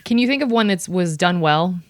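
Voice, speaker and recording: A woman with a low, smooth and clear voice hosts a casual interview, asking short prompting questions. The sound is dry and close to the mic. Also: lively intonation, a little fast, dry recording. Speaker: podcast host.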